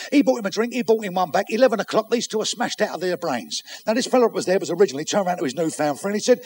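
A man telling bawdy jokes on stage, acting out characters with shouts and sound effects. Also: sits high, animated, racing, few pauses. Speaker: stand-up comedian. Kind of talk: bawdy stand-up joke telling.

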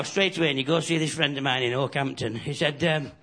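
A man from the north of England doing a bawdy stand-up routine, telling stories and slipping into quick character voices. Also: a little high, gravelly, a bit bright, a little hiss or hum. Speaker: stand-up comedian. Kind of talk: stand-up routine with crowd laughter. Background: audience laughter.

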